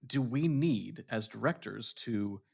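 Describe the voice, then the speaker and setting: A man's voice: fairly low pitch, lively intonation, slow, gravelly, husky. A man co-hosting a casual podcast, a theatre director who talks in a reflective way and often restarts his sentences while looking for words. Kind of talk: casual chat.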